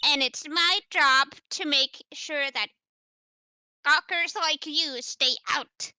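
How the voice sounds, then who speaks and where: A woman voicing a bossy old female security guard in a gruff, put-on game voice. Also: high-pitched, slow pace, bright, forceful tone, dry recording, pitched above the performer's own voice, full character voice.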